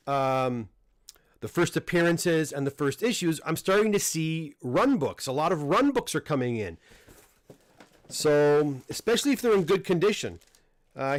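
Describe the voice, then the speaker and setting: A middle-aged Canadian man hosting a casual livestream unboxing, talking in a relaxed, rambling way with frequent restarts and fillers. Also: on the high side, no room sound. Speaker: comic book dealer and host. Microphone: desk microphone close up.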